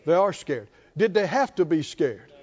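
A man's voice: on the high side, moderate pace, husky, highs cut off. A man preaching a sermon, asking the congregation questions and chuckling often. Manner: animated call-and-response preaching, chuckling often. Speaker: pastor.

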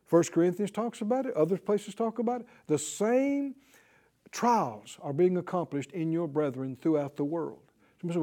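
A middle-aged man preaching a sermon, often chuckling, pleading and exhorting, dropping low and quiet and then bursting out loud. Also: moderate pace. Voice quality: lively, swooping delivery that drops low and quiet then bursts loud and high. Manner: chuckles through his lines, mimics whiny voices, pleads and exhorts.

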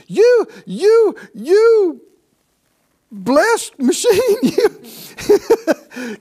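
A male pastor preaches in a high, lively voice that swoops up and down. He takes his time, stretching out his words, then teases the congregation and invites them to answer back. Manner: animated preaching with laughs and call-and-response. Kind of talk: sermon.

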